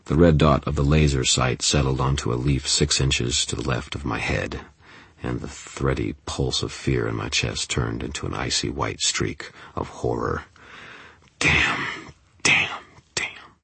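A man narrating an audiobook in the first person, telling it in a tense, steady way on a close studio mic. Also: rumbling low, moderate pace, gravelly, slightly rough, no room sound.

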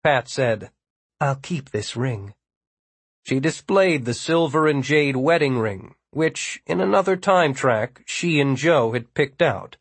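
Husky guy narrating an audiobook, dry close sound. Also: a little high, expressive, unhurried, hardly any pauses, no room sound. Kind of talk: scripted narration.

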